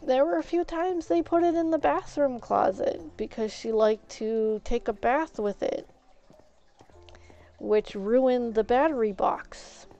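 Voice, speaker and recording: A woman streamer tells a story slowly and at length, with a mellow, dark voice that is smooth and clear. She swaps in mild stand-ins for swear words as she chats. Her mic sounds a little dull and lo-fi. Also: fairly high pitch. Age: adult, has an ex-husband. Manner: rambling, avoids swearing with "flip". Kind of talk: casual storytelling while gaming.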